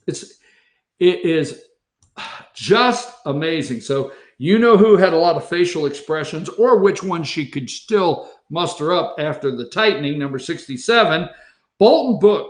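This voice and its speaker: A man hosting a political commentary monologue, sarcastic and rambling with quick asides. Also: on the high side, lively intonation, roomy sound. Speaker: host.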